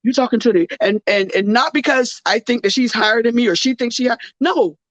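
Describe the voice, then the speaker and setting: Tired, halting woman talk host. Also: on the high side, a bit bright, no room sound, dull audio. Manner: halting, many restarts and fillers. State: tired and close to tears. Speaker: radio show host. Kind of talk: emotional faith-based talk.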